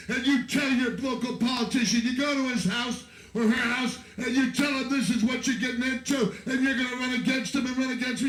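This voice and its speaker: An American man giving a fiery, profane, shouting rally speech to a festival crowd from an outdoor stage. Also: extremely high pitch, reverberant, poor audio. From United States. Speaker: activist speaker at a festival.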